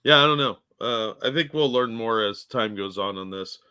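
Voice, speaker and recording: Lower-pitched male co-host with a bright edge, casual and blunt, swears freely. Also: normal speed, clear, resonant tone. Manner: blunt, profane quips. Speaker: podcast co-host. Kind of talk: casual chat.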